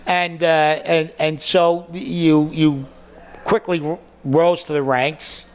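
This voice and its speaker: A man's voice: on the high side, flat delivery, slow, clear, resonant tone. An older man with a Boston accent, hosting a casual comedy chat in a wry, agreeable way. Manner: wry, chatty, agreeable, with frequent "right". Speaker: comedy show host. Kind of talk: casual conversation.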